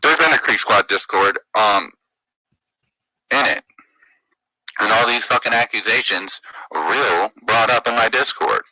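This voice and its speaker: A man hosts a livestream, ranting in a tense, sharp-edged voice that sits slightly low. He argues defensively and swears constantly. The sound is dry and close. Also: unhurried, long pauses, dry recording, poor audio. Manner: angry, profane, defensive ranting. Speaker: livestream host. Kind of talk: heated livestream argument.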